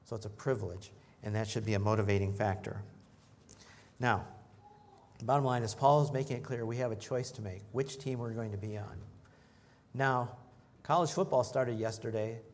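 A man preaching a sermon in a conversational way, joking with the congregation and rising in pitch and volume when he reads scripture. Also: steady tone, moderate pace. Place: church in front of a congregation.

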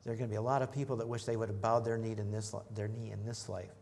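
A man preaching a sermon in a conversational way, joking with the congregation and rising in pitch and volume when he reads scripture. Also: flat delivery, racing, vocal fry, a little mellow, a little hiss or hum. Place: church in front of a congregation.

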